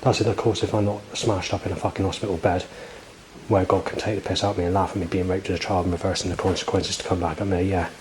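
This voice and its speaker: Brief: man in his 40s, lowish voice, agitated, ranting and swearing, loud street noise behind. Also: level tone, fast, low-quality recording. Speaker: vlogger. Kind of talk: rambling spoken monologue.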